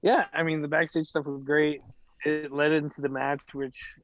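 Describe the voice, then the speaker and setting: A man's voice: fairly high pitch, flat delivery, normal speed, a bit bright, dry recording. A man co-hosting a casual podcast, easygoing, laughing often and leaning on fillers. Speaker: podcast co-host. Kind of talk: casual chat. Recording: dull, lo-fi mic.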